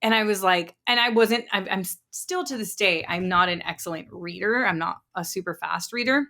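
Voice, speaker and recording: A woman's voice: mid-range voice, normal speed, sharp tone. Candid, encouraging woman podcast host. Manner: candid, encouraging, conversational with fillers. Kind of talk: personal storytelling.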